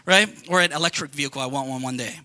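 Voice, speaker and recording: A young man preaching a sermon as pastor, talking straight to the congregation in a lively, conversational way with quick asides. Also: medium pitch, no room sound.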